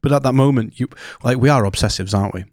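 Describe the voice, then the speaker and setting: A man's voice: mid-range voice, fast talker, a little mellow, no room sound. A man hosting a podcast in a studio, chatty and casual, swearing now and then. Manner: chatty, swears casually, acts out his inner voice. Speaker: podcast host. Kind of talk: casual interview chat.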